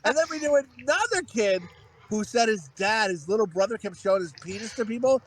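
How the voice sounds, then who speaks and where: A man's voice: high voice, lively intonation, a little fast. A man co-hosting a podcast, telling rambling, profane stories in casual chat, full of fillers and restarts. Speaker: podcast co-host.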